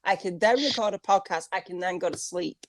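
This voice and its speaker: A woman's voice: fairly low pitch, brisk, no room sound, clean studio sound. A woman with an English accent co-hosting a podcast in casual chat, chatty and laughing, with plenty of "like.". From England. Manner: chatty, says "like" a lot, laughs often. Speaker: podcast co-host.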